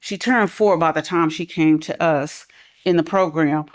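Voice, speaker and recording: Woman, middle-aged, low voice, relaxed panel talk, calm and conversational. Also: a little slow. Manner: conversational, relaxed, drops to a soft calm voice for examples. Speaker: school mental health professional.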